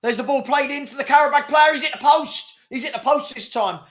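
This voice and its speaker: A fairly high-voiced man talks over a live match as a fan host. He is exasperated and chuckling, calling the play and answering his chat. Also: a little fast, fairly bright tone. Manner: exasperated, laughing, reading chat aloud. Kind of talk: live match watchalong commentary.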